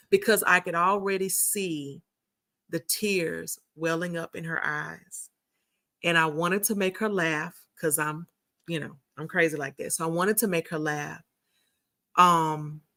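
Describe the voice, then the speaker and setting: A woman's voice: fairly low pitch, measured pace, pushed and bright. A woman hosting a casual live stream, chatting with viewers and telling a story, often repeating and restarting her phrases. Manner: chatty, addresses viewers as y'all. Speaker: community founder and host.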